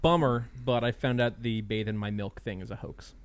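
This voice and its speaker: A man's voice: mid-range voice, normal speed, smooth, no room sound. A man co-hosting a casual comedy podcast, firing off blunt, profane quips. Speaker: podcast co-host.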